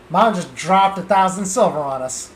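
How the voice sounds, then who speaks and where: A man's voice: sits high, lively intonation, measured pace. A man streaming a game live, chatty and greeting his viewers.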